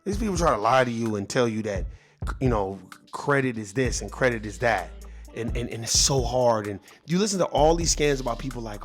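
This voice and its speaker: A man giving advice in a casual monologue, earnest and preachy, swearing freely and often repeating or restarting his words. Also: mid-range voice. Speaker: vlogger.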